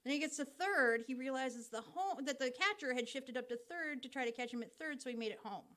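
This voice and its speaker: A woman's voice: sits high, fairly quick, fairly bright tone. A young woman co-hosting a casual podcast, explaining the game step by step with lots of ums. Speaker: podcast co-host explaining baseball.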